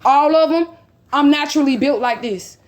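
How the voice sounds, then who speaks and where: High-pitched woman vlogger, heated and profane, retells a quarrel line by line. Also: moderate pace. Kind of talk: angry personal storytelling.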